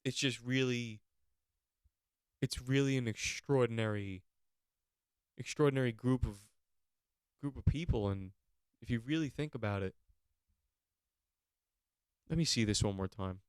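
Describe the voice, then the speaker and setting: Young guy rambling on his podcast, smooth clear voice, dry close sound. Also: mid-range voice, unhurried, pauses often, no echo. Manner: rambling, repetitive, swears. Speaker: podcast host. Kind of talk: casual chat.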